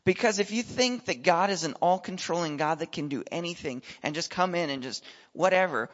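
A man preaching a sermon in a conversational, animated way, firing off rhetorical questions. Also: fairly high pitch, a little fast. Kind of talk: sermon with personal storytelling. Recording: echoey hall, dull lo-fi sound.

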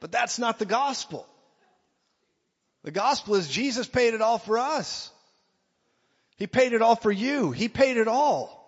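A man's voice: very high-pitched, animated, unhurried, pauses often, husky. A man preaching a sermon with emphasis, acting out quotes in mock voices. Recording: long reverb, dull lo-fi sound.

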